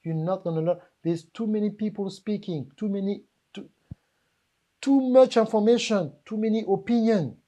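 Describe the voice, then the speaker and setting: Here a French-accented woman presents a live talk on business at a seminar, joking and stressing her points as she speaks straight to the crowd. She talks at normal speed, with a medium-pitched, dark-toned voice.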